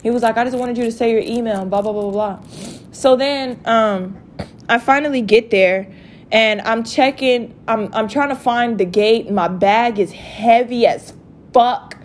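A young woman telling a story to her viewers in a casual rant, profane and animated. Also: fairly high pitch, moderate pace, a little hiss or hum. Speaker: vlogger.

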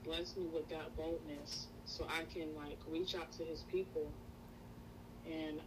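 A woman's voice: deep voice, flat delivery, measured pace, noisy background. A woman guest in a casual faith chat, answering in a hesitant, thoughtful way with many fillers.

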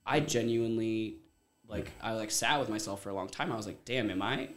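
A man's voice: on the low side, a little fast. A man around thirty, originally from Ohio, talking as a podcast guest. He tells his story candidly, in a rambling way full of "like" and casual swearing. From Ohio, USA.

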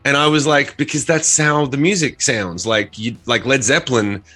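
A man's voice: medium pitch, steady tone, normal speed, pushed and bright, breathy edge, faint music behind. An Australian man co-hosting a podcast, telling long rambling stories in a casual chat and swearing freely. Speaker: podcast co-host.

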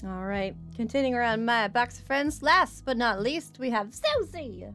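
A woman's voice: fairly high pitch, lively intonation, normal speed, fairly bright tone, faint music behind. A woman hosting a tabletop game stream as its game master, chatty and stumbling over her words. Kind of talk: tabletop stream intro and announcements.

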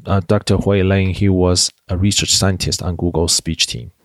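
A guest on an interview, this man founded an edtech company and responds in a chatty, anecdotal style packed with fillers and false starts. His low voice moves little in pitch and keeps a moderate pace, with no room sound.

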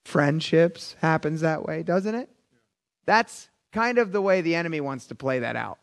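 A middle-aged man preaching a conversational, animated sermon, often calling the audience "you guys". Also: on the high side, moderate pace. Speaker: pastor.

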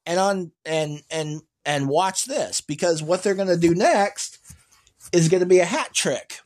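A high-pitched man at a measured pace vlogs about EV news. He chats casually and opinionatedly about electric cars, rambling through fillers and restarts and erupting into animated, emphatic rants.

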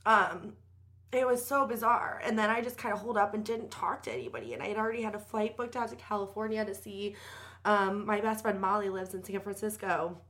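Young woman, podcast guest, casual chat, bright tone, candid, profane, filler-heavy. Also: mid-range voice, fairly quick.

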